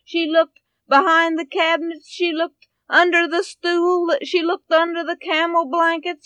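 A woman telling a Bible story in an expressive way, swinging between loud and hushed. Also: sits high, unhurried, dry recording.

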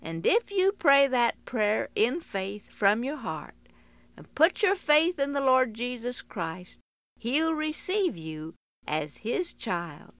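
A woman's voice: a little high, big pitch swings, takes it slowly, a bit bright, no room sound. A woman telling a story to children on the radio and then making an earnest, pleading gospel appeal.

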